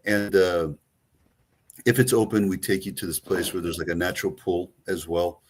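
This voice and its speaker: A man with a very low voice and a Greek accent talks through a travel itinerary in a loose, rambling way. He co-hosts a casual travel show and fills his sentences with ums and restarts. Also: fairly even intonation, moderate pace. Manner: rambling, many fillers and restarts. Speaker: co-host, travel agent. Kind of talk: casual chat.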